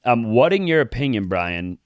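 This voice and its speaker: A man hosting a podcast interview, speaking in a relaxed, casual way. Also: mid-range voice, moderate pace, no echo, studio quality. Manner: relaxed, casual, frequent short affirmations. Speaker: podcast host.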